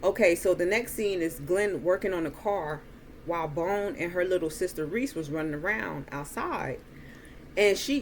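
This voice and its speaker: A woman recapping a movie in a casual, slow way, with frequent ums. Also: on the low side, a little hiss or hum. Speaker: movie reviewer.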